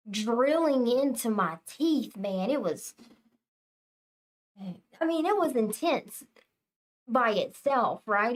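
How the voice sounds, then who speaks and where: A young woman chatting casually with her viewers on a tarot reading livestream, telling stories in an animated way. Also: medium pitch. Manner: chatty, animated storytelling, talks to chat. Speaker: tarot reader livestream host.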